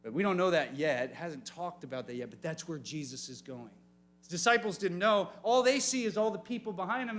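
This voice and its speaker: Youth pastor guy, fairly high voice, animated, keeps asking the kids questions. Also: a little fast. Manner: animated, talks straight to the teens. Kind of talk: youth sermon. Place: room full of young people.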